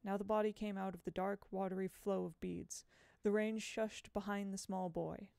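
A woman narrating an audiobook in a measured, expressive reading at a home microphone. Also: mid-range voice, creaky, no echo.

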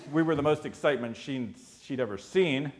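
An American man telling a comic expedition story on stage, animated and wry, with comic pauses. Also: medium pitch, slight background noise. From United States.

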